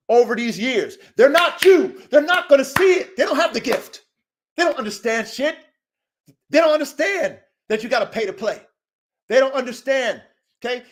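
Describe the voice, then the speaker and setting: A man, rambling through a profane, repetitive, preachy monologue that swings between low mutters and loud outbursts. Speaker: dog breeder and vlogger. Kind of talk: casual unscripted monologue.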